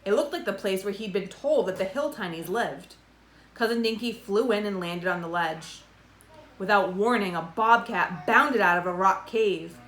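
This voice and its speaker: A woman reading a children's storybook aloud, giving the dialogue lively voices. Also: mid-range voice, moderate pace. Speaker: storybook reader. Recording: roomy echo.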